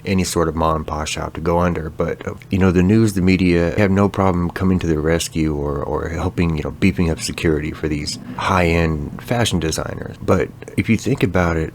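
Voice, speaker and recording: Male podcast host, extremely low voice, profane comic rants, faint hiss behind. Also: moderate pace, hardly any pauses, darkish tone. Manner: profane, sarcastic ranting. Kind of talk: casual comedic monologue.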